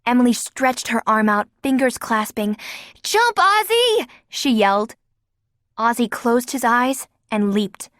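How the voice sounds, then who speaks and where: A woman's voice: on the high side, steady tone, unhurried, no echo, studio quality. A woman narrating an audiobook with a vivid, dramatic reading. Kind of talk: scripted narration.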